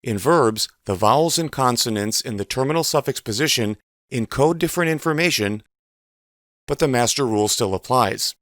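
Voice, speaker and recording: A man giving a measured, precise instructional voice-over as a teacher. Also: medium pitch, animated, fairly bright tone, dry recording, clean studio sound. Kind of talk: scripted instructional narration.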